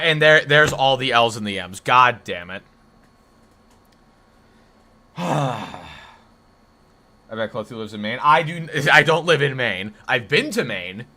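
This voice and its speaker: A man from the northeastern US talks casually on a live stream, reacting to chat messages while rambling and correcting himself. His mid-range voice comes across bright and forward.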